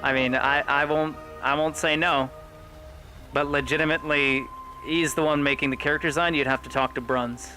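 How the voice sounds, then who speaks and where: A man's voice: on the high side, steady tone, normal speed, sharp tone, soft background music, poor audio. Laid-back joking male streamer. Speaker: streamer playing a roleplay game. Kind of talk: casual chat between roleplay scenes.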